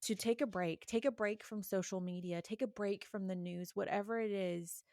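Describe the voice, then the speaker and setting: A woman's voice: mid-range voice, steady tone, normal speed, dark tone, dry recording, studio quality. A woman giving an earnest, encouraging faith reflection, urging listeners directly. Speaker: Christian podcast host.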